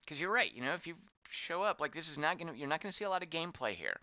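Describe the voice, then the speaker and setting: A game streamer gives casual commentary as he plays, thinking aloud, wondering about things, and reacting to what's on screen. His fairly high, sing-song voice is bright and forceful, very fast, with hardly any pauses, on a dull, lo-fi, dry voice track.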